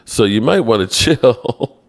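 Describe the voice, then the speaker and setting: Gravelly, slow-talking man hosting live chat. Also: expressive. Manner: playful, self-mocking, chatty; voice leaps high when exasperated. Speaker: sports podcast host reading live chat. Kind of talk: casual live-stream sports talk.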